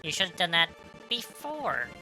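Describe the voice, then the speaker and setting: A woman streaming a video game, casually reading its dialogue aloud and chatting, stumbling over words and breaking into loud excitement. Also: fairly low pitch, moderate pace, soft background music, poor audio.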